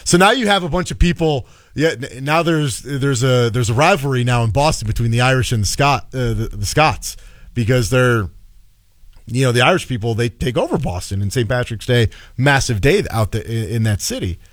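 A man's voice: mid-range voice, lively intonation, moderate pace, dry recording, studio quality. A man in casual podcast chat, telling a story animatedly with frequent restarts. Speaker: podcast co-host.

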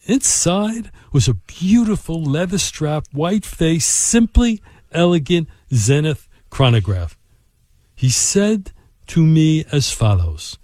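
A man hosting a show and telling a personal work anecdote in an expressive, animated way. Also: a little high, slow, no echo. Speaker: podcast host and storyteller. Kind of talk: anecdotal storytelling.

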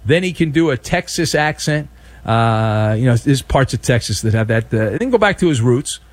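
Man, sports talk host, sarcastic opinion monologue, dry close sound, lively voice. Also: mid-range voice, moderate pace, no echo. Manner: animated, sarcastic, acts out mock dialogue.

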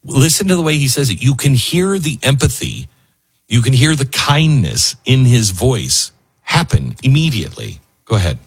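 A man's voice: mid-range voice, big pitch swings, moderate pace, vocal fry, slightly rough. A man hosting a talk show, speaking in an earnest, heartfelt, wandering way. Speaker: radio show host. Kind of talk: emotional talk radio monologue.

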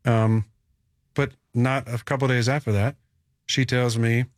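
A man's voice: mid-range voice, flat delivery, measured pace, no echo. A man speaking in a candid interview, recounting a personal story in a casual, hedging way. His voice sits in a middle range and sounds dry and close. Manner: casual, hedging with "you know". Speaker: interview guest.

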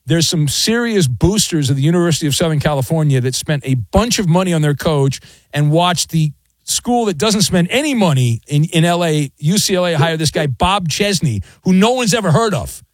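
A man's voice: fairly high pitch, expressive, moderate pace, no room sound. A male radio talk show host, sarcastic and joking while taking calls in a studio. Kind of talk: casual sports talk radio.

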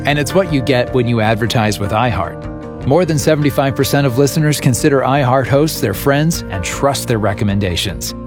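Guy reading a radio ad, music and guitar playing under him. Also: medium pitch. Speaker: ad announcer. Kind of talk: read radio ad.

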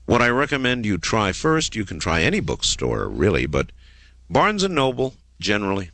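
A man hosting a late-night call-in radio show, taking callers with a dramatic, drawn-out delivery. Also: fairly low pitch, huge pitch swings, a bit bright. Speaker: radio talk show host. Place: radio studio.

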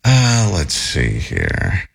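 A man's voice: very slow, creaky, breathy edge. A man hosting a radio talk show, teasing his co-hosts and reading listener messages aloud. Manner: teasing, reads messages aloud with lively pitch.

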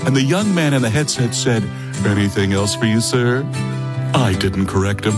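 An actor playing a gentle, precious, soft-hearted man pressing flowers in a comic parody ad, speaking in a dreamy, fussy, tender way. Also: mid-range voice, moderate pace, natural voice. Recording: loud guitar music behind. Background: acoustic guitar music.

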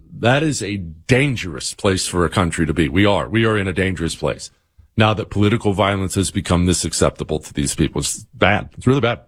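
A man's voice: low-pitched, lively intonation, brisk, slightly rough, dry recording, clean studio sound. A man hosting a political talk show, giving an opinionated monologue in an emphatic way and repeating phrases for stress.

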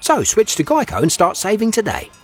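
Man doing an ad voice, upbeat and folksy, high and husky. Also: huge pitch swings, brisk, faint music behind. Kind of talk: scripted ad read.

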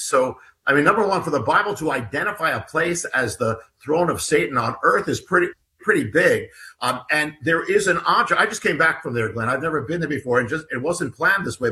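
A man's voice: fairly high pitch, bright, forceful tone, low-quality recording. A man being interviewed as an author, explaining earnestly with frequent fillers and restarts. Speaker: guest author. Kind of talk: interview talk.

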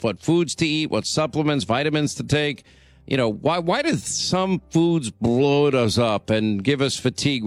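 A man hosting a national radio call-in show, talking briskly with frequent stammered restarts and friendly banter. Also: medium pitch, no echo. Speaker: radio talk show host.

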